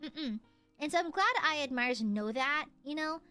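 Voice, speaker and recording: Bright, lively young-sounding woman streamer. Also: high-pitched, moderate pace, faint music behind. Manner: giggly, playful, many fillers. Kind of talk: casual stream chat.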